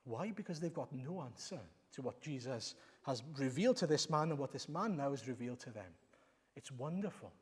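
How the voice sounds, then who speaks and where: A man's voice: medium pitch, animated, a little fast, husky. Emphatic male preacher in a reverberant church. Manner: emphatic, rhetorical questions, repeats lines. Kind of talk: sermon. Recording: long reverb of a church hall.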